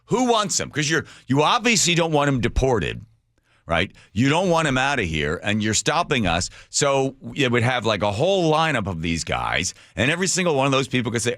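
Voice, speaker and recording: A man's voice: medium pitch, sing-song, normal speed, a bit bright, dry recording, studio quality. A middle-aged man hosting a radio talk show, delivering a sarcastic, mocking monologue and acting out quotes in a raised voice. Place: radio studio. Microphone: studio microphone.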